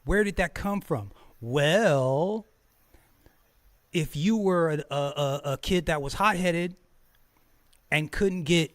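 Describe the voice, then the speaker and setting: A man whose voice is a little high hosts a streamed talk show, speaking at a slow pace and pausing often. He's casual and profane, gets heated, laughs a lot and stumbles over repeated words.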